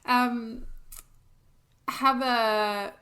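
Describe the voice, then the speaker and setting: A woman's voice: on the high side, steady tone, extremely slow, sharp tone, a little hiss or hum. A woman co-hosting a podcast, chatting casually and practically with frequent laughs. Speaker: podcast co-host. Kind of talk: casual chat.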